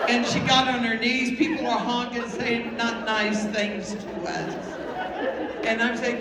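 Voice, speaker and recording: A woman's voice: a little high, steady tone, a little slow. Woman telling a wild story to a crowd, laughing and exclaiming, big echoey hall, audience noise behind. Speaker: pastor's wife telling a story. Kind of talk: storytelling testimony to a live audience. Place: large event hall. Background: audience sounds.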